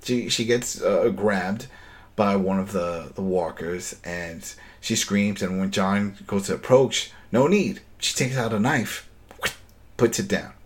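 Man, low voice, casual podcast host, animated retelling, acts out scenes. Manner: animated storytelling, acting out scenes, quick laughs. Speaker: podcast host recapping a TV episode. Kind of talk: casual chat.

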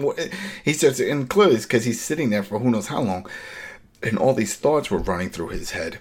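A man's voice: medium pitch, moderate pace, husky. A man hosting a casual TV recap podcast, acting out the characters' lines in big voices. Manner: animated, acts out quotes in big voices. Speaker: podcast host.

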